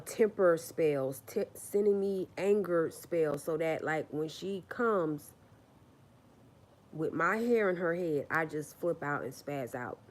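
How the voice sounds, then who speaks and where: A lower-pitched woman talking straight to her viewers on a casual livestream. She is blunt and emphatic and swears freely. She drives each point home by repeating her phrases. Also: a little mellow. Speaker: livestream host.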